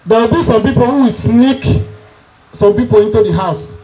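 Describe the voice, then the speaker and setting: A man's voice: extremely high pitch, moderate pace, dark tone, rough recording. A middle-aged man with a Nigerian accent, telling funny family stories at a reunion and teasing his listeners. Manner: chuckling storyteller, teasing the audience. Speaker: family member speaking at a reunion. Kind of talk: humorous anecdotal speech.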